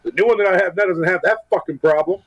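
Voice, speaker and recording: A man from Canada co-hosting a casual podcast, blunt and quick to swear. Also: high-pitched, crowd noise, low-quality recording. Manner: blunt and profane. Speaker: podcast co-host.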